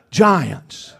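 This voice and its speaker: A man preaching a sermon in a fervent, repetitive style that builds toward shouting. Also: a little high, creaky, breathy edge.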